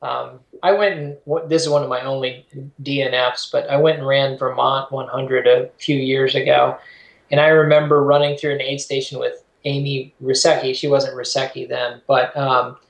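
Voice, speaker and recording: Male co-host, gravelly texture, reflective advice-giving talk, echoey room sound. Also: medium pitch, flat delivery, normal speed. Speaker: podcast co-host, ultrarunner. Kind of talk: casual conversation. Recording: roomy echo.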